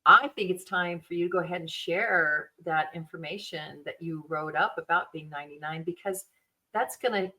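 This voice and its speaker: Bright, chatty woman host. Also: fairly low pitch, normal speed, poor audio. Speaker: podcast host. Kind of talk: casual chat.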